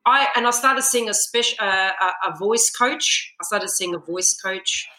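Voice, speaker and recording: Animated woman, echoey room. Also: medium pitch, a little slow. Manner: animated storyteller, acts out her own panic in quotes. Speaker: guest, singer. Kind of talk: podcast interview.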